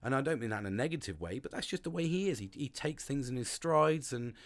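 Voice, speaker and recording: A middle-aged man talking on his solo podcast, blunt and full of swearing. His delivery rambles and restarts as he works through his thoughts. His pitch sits right in the middle for a man. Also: animated, quick pace. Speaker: podcast host. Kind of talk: casual solo podcast monologue. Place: home log cabin studio.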